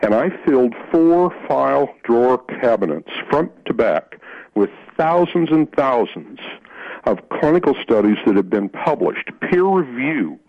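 A man's voice: medium pitch, big pitch swings, a little slow. A man telling a long story as a guest in an interview, often repeating words and restarting his sentences. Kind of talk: storytelling in conversation. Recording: muffled dry radio recording.

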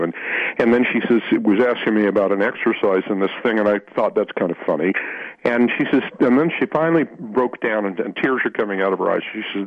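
A man with a lowish voice talks fast on a muffled, dry radio recording. As an interview guest he tells a long story conversationally, frequently repeating words and restarting sentences.

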